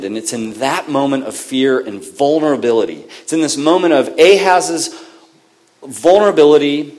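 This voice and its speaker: A man as pastor, preaching a sermon in a conversational storytelling way, lively and often correcting himself mid-sentence. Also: mid-range voice, normal speed.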